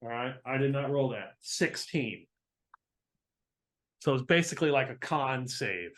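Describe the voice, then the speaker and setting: A man running a tabletop game as game master. He narrates and gives rulings in an easygoing way, with plenty of fillers. His voice sits at an ordinary middle pitch. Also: lively intonation, unhurried, a bit bright.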